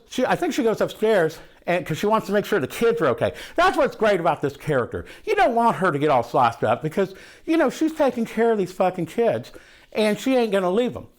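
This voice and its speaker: A man doing a brash, foul-mouthed movie buff. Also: sits high. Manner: profane, loose and rambling, drops "ain't". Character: brash foul-mouthed man gushing about horror films. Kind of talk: comic character monologue.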